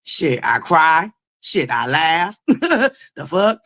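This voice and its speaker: A woman hosting a livestream, loud and belligerent, who swears nonstop while greeting viewers and pushing for likes. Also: deep voice, expressive, takes it slowly. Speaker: livestream host. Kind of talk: profane live-chat commentary.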